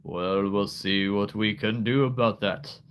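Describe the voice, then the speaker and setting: A man voicing a jolly Santa Claus talking kindly to a child, in a booming, drawn-out voice. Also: steady tone, smooth, close to an everyday voice.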